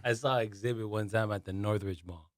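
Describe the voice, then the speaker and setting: A man's voice: lowish voice, fairly even intonation, fairly quick, dry recording, studio quality. A man co-hosting a podcast in laid-back, hesitant casual banter. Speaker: podcast co-host.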